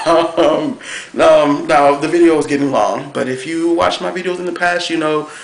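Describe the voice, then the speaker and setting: A man reviewing a cartoon episode on camera, talking in a gushing, excitable way with plenty of fillers. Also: on the high side, unhurried, vocal fry. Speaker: TV review vlogger. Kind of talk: casual chat review. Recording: echoey room.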